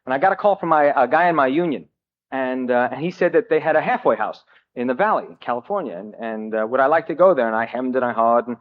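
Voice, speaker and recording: A man telling his own recovery story to a meeting, with wry self-mocking humor and halting, filler-heavy delivery. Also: medium pitch, animated. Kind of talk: personal recovery story told to a group. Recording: dull old cassette tape.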